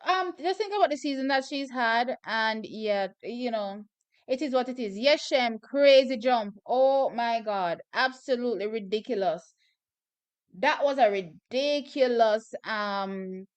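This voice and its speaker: A Jamaican woman hosting a live watch-party stream, chatting through the races and bursting into excited shouts and laughter. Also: on the high side, smooth.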